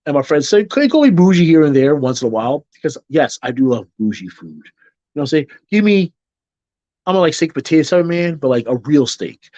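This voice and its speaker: A man rambles casually to his viewers, circling back on his phrases and getting animated when he jokes. His voice is mid-pitched and sits close and dry in the recording, which sounds a little dull and muffled. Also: dry recording. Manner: rambling, with restarts and repeated phrases; animated when joking, mimics people in quotes. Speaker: vlogger.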